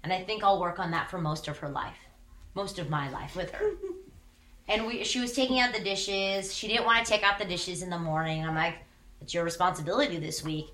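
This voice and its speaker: A woman's voice: fairly low pitch, lively intonation, a little fast, sharp tone, reverberant. A woman pastor in her thirties giving a candid, conversational sermon with emphatic repetition.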